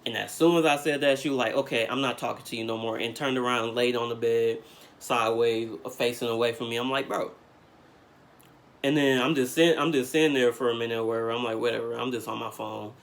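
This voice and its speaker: Talking fast in a mid-range voice, a young man vlogs a story, using casual slang and plenty of fillers and getting more animated the further he gets into the retelling.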